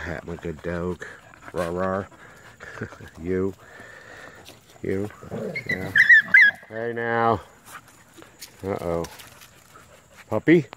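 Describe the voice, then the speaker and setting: A man's voice: low voice, slight background noise, low-quality recording. A man filming his dogs in a front yard, chatting and coaxing them with repeated calls, recorded on a handheld camera mic. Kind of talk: casual vlog narration. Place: front yard outdoors in the country.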